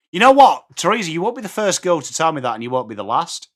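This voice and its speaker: A man's voice: fairly high pitch, big pitch swings, fast talker, hardly any pauses, fairly bright tone. An English man hosting a live match watchalong, chatting casually and answering viewer comments while calling the play. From England. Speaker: watchalong host. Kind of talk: live stream chat.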